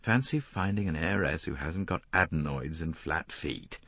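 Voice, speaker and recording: A man's voice: extremely low pitch, expressive, normal speed, a bit bright, husky, dry recording, exaggerated voice. Offhand disparaging young man, read by a man. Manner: offhand, drawling. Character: young Englishman, casual and disparaging.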